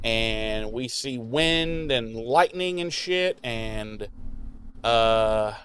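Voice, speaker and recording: A man's voice: medium pitch, a bit bright, a little hiss or hum. A man co-hosting a podcast, giving a casual, profane, rambling recap of a TV episode and briefly mimicking the characters. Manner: profane, rambling recap with quick mock voices. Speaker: podcast co-host.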